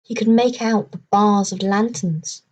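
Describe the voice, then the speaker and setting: A woman reads a children's adventure novel aloud in steady, measured storybook narration. Her voice sits at an ordinary middle pitch and keeps an even pace. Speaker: audiobook reader.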